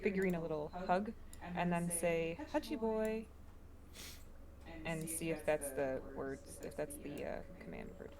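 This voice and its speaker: A woman's voice: low-pitched, fairly even intonation, moderate pace, a crowd in the background. A woman playing in a tabletop game, talking hesitantly with many fillers. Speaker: player. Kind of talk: casual tabletop game play.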